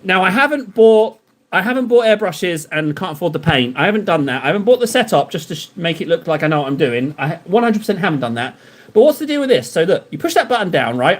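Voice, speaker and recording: A man with a slightly raised voice chats to his live audience while he paints miniatures. He rambles from one thought to the next, teasing viewers and poking fun at himself in loose, playful banter. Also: sits high. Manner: rambling, joking banter with chat; self-deprecating. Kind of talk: casual live-stream chat while painting.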